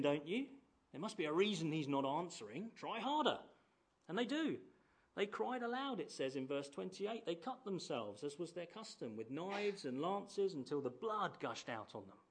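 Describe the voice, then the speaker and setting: A man in his thirties preaching a sermon in a conversational way, often asking rhetorical tag questions. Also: mid-range voice.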